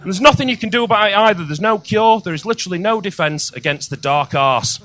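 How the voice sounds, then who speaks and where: A male comedian doing a crude stand-up set on a comedy club stage, with loud outbursts on the punchlines. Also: sits high, expressive, fast talker, slight background noise.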